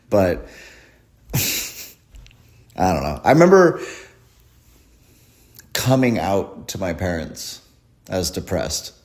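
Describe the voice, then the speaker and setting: A man performing a rambling, crude, self-deprecating stand-up comedy set at a live show. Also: sits low.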